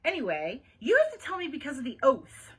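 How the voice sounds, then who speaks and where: A woman reading aloud and voicing an eager, loyal little girl who asks excited questions in a raised voice. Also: high voice, brisk.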